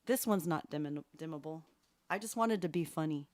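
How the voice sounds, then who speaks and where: At a moderate pace and in a low register, a woman hosts a live piano request stream from a room in her home. She chats playfully with viewers and laughs at herself, and the distance to her studio mic keeps changing.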